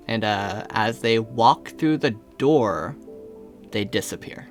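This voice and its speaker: Give me a man narrating as a tabletop game master, unhurried and descriptive, with faint music underneath. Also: fairly low pitch. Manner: descriptive, slows for atmosphere, frequent uhs.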